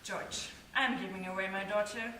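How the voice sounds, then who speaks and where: A woman acting a calm, reassuring father of the bride on stage. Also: medium pitch, moderate pace, distant mic, a little hiss or hum, natural voice. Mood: soothing. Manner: soothing, calm. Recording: echoey stage audio from afar with audience.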